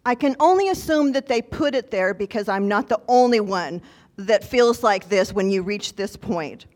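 A woman's voice: medium pitch, lively intonation, moderate pace, a little mellow. A woman telling a personal story to an audience in an earnest, reflective, conversational way.

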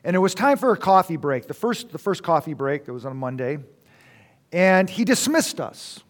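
A man with a slightly raised pitch tells a personal story to an audience. He speaks reflectively and often stops to restart a phrase before going on. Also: very animated, moderate pace.

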